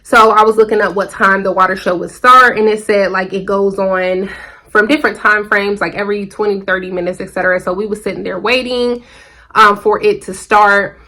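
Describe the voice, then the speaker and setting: A woman's voice: mid-range voice, fairly even intonation, brisk, bright, forceful tone. A woman vlogger chatting casually to camera, retelling a personal story with lots of fillers.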